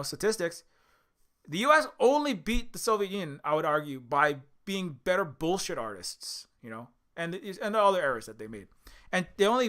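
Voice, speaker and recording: Male streamer, fired-up profane monologue, slightly high pitch, tense bright tone. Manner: impassioned, profane, many restarts. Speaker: indie game developer and streamer. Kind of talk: casual monologue.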